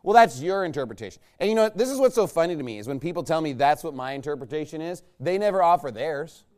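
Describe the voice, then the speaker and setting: Folksy male pastor, slightly high voice. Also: expressive, fast, a little mellow. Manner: folksy, rambling, peppered with rhetorical "right?". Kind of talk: conversational sermon.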